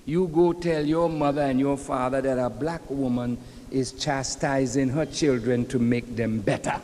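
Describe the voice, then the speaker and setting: A man in his fifties recounting an elderly West Indian woman's firm words in a low voice. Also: fairly even intonation, a little slow, warm tone, natural voice. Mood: stern. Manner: firm, unbending. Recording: long reverb of a large hall.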